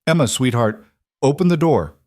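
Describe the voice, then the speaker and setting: A man voicing a single father in a spoken story, gentle, patient and steady but firm. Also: medium pitch, moderate pace, no room sound, clean studio sound, pitched above the performer's own voice, lightly acted.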